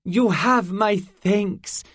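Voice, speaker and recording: High prim british fairy girl, a guy doing her, formal old-timey talk, dry sound. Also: drawn-out words, a bit bright, slightly rough, no echo, full character voice. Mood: wondering. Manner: formal, old-fashioned phrasing. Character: haughty fairy girl, curious and blunt.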